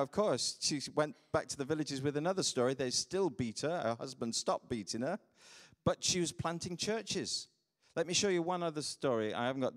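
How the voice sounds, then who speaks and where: A middle-aged pastor from the United Kingdom preaches a sermon, telling mission stories with animated delivery and laughing at his own tales. His voice is medium-pitched, and the recording carries a long reverb tail.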